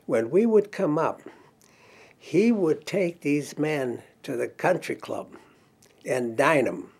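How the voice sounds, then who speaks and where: A man's voice: mid-range voice, darkish tone. Older man telling career stories. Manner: reminiscing storyteller acting out dialogue, chuckling. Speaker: interviewee recalling career as counselor. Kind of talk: oral history interview.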